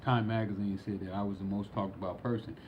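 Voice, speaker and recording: A man's voice: on the low side, fairly even intonation, fast talker, muffled recording, a little hiss or hum. A man who is a podcast guest, talking unhurriedly with many fillers and restarts. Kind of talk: casual conversation.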